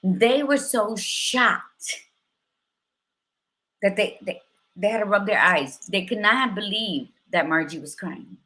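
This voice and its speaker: Candid emotional woman host, bright-toned. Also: mid-range voice, slow pace, long pauses. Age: 50s. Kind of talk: casual chat.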